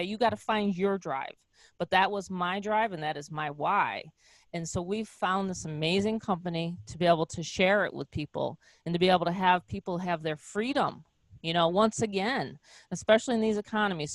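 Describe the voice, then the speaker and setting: A woman's voice: on the low side, no room sound. A woman in her fifties hosting a team video call, speaking earnestly and emotionally with chatty fillers. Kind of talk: heartfelt motivational talk on a video call.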